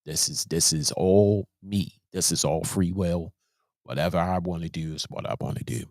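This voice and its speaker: A man's voice: low-pitched, normal speed, a little mellow, dry recording, studio quality. A man hosting a show, giving casual commentary in an emphatic way, often repeating and restarting his words. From Baltimore, USA. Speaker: host.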